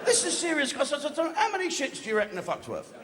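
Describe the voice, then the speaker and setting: A man's voice: very high voice, huge pitch swings, fast, crowd noise, noisy background. A man doing a live stand-up routine, telling crude stories with heavy swearing. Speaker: stand-up comedian. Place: large theatre stage. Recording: echoey hall with loud audience. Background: live audience laughing.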